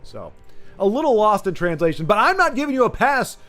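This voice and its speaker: Lively joking American streamer guy. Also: high voice, fairly quick, soft background music. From United States. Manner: rambling, joking, self-mocking. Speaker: stream host. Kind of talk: casual chat over gameplay.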